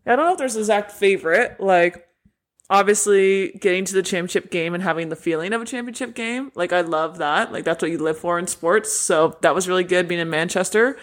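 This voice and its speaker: A woman's voice: lowish voice, a little fast. A young woman, a former basketball player, chatting casually as an interview guest, with frequent fillers and easy laughter. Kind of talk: casual conversation.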